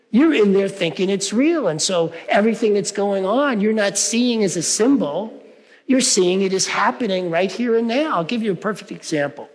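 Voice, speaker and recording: A man preaching a sermon in a conversational way, often checking in with his listeners by asking "right?". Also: sits high. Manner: conversational, frequent "right?" asides. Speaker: reverend. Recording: long hall reverb.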